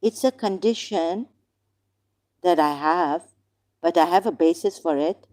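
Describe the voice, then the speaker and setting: A woman's voice: on the low side, a little slow, a little mellow. A woman hosting a live stream, arguing heatedly with a caller and insisting again and again that her words are being twisted. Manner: insistent, repeats herself, cuts in to object. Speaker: livestream host.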